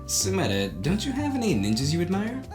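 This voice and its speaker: A man's voice: high-pitched, huge pitch swings, brisk, over music. A young man casually narrating and reading a visual novel game for his channel, playful and dramatic. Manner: playful, dramatic, laughs between lines. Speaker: gaming YouTuber.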